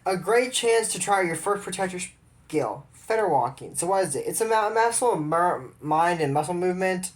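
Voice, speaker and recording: A woman's voice: lowish voice, expressive, normal speed. Rambling woman recapping a cartoon. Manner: rambling, judgmental, with frequent restarts. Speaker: commentator recapping a cartoon episode. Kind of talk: casual commentary.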